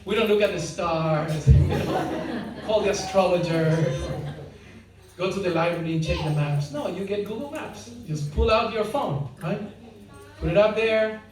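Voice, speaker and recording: Here the speaker's medium-pitched voice is expressive and measured as they deliver a relaxed devotional talk, teasing and questioning listeners who laugh often. The crowd can be heard in the large hall, and the far-off mic picks up heavy echo.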